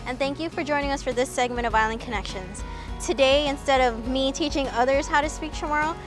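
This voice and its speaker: A woman hosting a short educational segment who plays the eager learner, asking questions and trying phrases out. Her voice sits a little high, and soft music runs faintly underneath. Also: brisk. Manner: friendly, curious learner who repeats phrases. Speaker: public affairs host.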